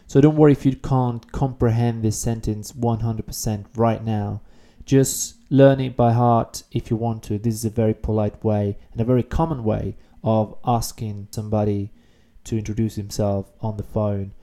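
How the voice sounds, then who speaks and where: A man teaching a beginner language lesson online, explaining phrases patiently and repeating key words slowly. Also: on the low side, fairly even intonation, dark tone.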